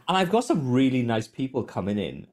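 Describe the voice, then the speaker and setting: A man in his forties chatting on a podcast, his pitch jumping all over as he spins a story. He talks in an animated, loose way and swears freely, with a voice that is neither high nor low. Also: fairly quick. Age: 40s. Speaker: podcast co-host. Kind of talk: casual chat.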